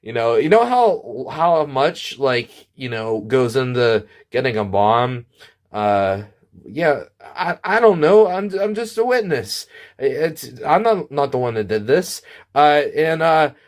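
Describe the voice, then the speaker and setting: A man telling an absurd comic story in a deadpan, rambling way, full of restarts and asides. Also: medium pitch.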